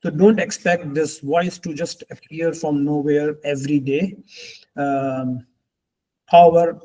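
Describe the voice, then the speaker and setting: A man's voice: a little high, steady tone, takes it slowly, a little mellow, low-quality recording. A man, talking to a group as a life coach in a reflective, earnest way, often repeating phrases for emphasis. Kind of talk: group coaching call talk.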